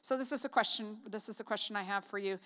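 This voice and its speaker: A woman's voice: mid-range voice, quick pace, pushed and bright. A Canadian woman preaching a casual sermon, chatty and joking with lots of "like" asides. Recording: reverberant hall.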